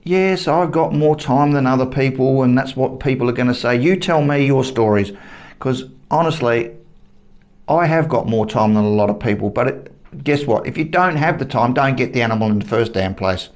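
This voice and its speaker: Australian bloke, mid-pitch voice, ranting to camera, heated, profane and repetitive. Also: male voice, normal speed, a little mellow. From Western Australia. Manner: heated, blunt and profane, repeats himself for emphasis. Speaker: vlogger. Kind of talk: angry opinion rant to camera.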